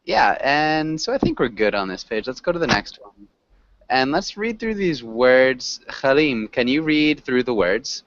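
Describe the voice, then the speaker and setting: Guy teaching english over a call, lively up-and-down voice, dry muffled lo-fi sound. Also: medium pitch, measured pace, no room sound. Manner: patient, coaching pronunciation. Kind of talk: online English class.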